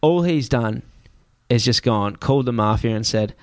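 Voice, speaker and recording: A young man tells a tense story in casual speech, peppered with swearing and quick restarts. His voice sits at an ordinary pitch. The sound is dry and close. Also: no room sound. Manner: heavy swearing, vivid re-telling with restarts. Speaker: guest.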